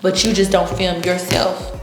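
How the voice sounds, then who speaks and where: A woman's voice: fairly low pitch, normal speed, reverberant, faint music behind. A woman being interviewed, telling her story casually and acting out what people said, laughing often. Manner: animated, acts out quotes, laughs often. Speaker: interview guest.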